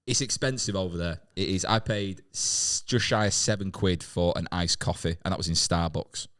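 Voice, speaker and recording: A man's voice: low voice, moderate pace, fairly bright tone. A man telling a rambling, sweary travel story in casual podcast chat, full of restarts. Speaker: comedian podcast guest.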